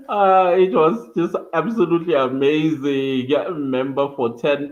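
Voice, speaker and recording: Slow, laughing livestream host man. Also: fairly high pitch, muffled recording. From South Africa. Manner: animated, laughs often, thanks viewers by name. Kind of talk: casual livestream chat.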